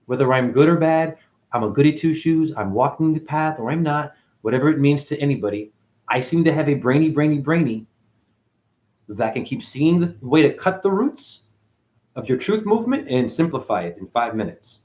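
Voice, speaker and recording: A man delivers a spiritual monologue in a fairly high voice. He preaches bluntly and swears freely. He keeps throwing rhetorical questions at the listener. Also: animated, moderate pace, darkish tone. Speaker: spiritual teacher.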